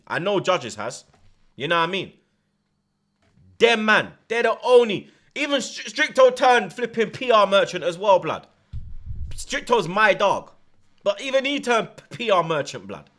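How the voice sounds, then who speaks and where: Animated young man ranting. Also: sits high. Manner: ranting, emphatic, London slang. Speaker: watchalong host. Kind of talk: heated football rant.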